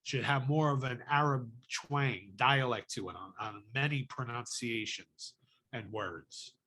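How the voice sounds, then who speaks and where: A man's voice: mid-range voice, measured pace, bright, forceful tone. A man hosting a podcast in casual chat, swearing freely and ranting heatedly. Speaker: podcast host.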